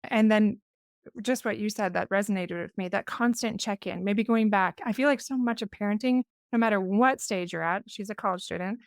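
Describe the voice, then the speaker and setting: A woman in her forties hosting a podcast, speaking in a thoughtful, measured, reflective way. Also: medium pitch, no echo, studio quality. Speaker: podcast host. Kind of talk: reflective conversation.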